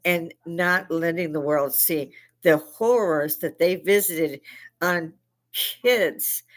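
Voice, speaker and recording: A woman's voice: on the low side, slow. Profane, heated older woman ranting. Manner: profane, heated, rising to shouts. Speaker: livestream host. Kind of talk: angry political rant; veteran speaking.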